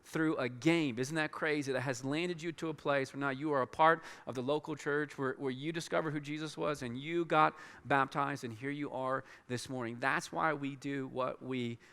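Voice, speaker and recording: Earnest pastor with a bright, ringing voice. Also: male voice, mid-range voice, steady tone, smooth. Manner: earnest, halting with many restarts and fillers. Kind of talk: church announcement and sermon. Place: large church auditorium. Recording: long hall reverb.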